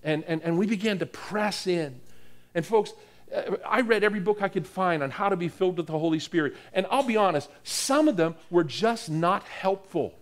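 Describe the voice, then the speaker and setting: A man from the US East Coast preaching a sermon, telling a story in an animated way and acting out the dialogue in it. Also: high voice, normal speed. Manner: animated storyteller, acts out dialogue, repeats words. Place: church hall with live audience.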